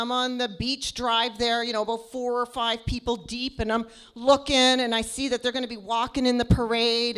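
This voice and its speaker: A high-pitched woman performs a stand-up set, loud and animated. She tells her story on a live comedy stage into a handheld mic. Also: clean tone.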